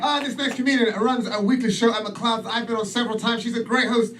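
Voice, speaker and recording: A man's voice: extremely high pitch, steady tone, fast talker, recorded from a distance. A man hosting a comedy show in a club, upbeat and joking with the crowd before introducing the next act. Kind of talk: emcee introductions. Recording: loud crowd and noise in a club.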